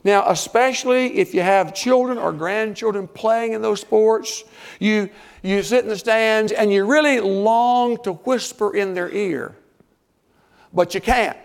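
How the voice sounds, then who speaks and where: Gravelly high-voiced preacher. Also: male voice, unhurried. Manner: animated preaching, sudden loud bursts and hushed asides. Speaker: pastor. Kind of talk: sermon.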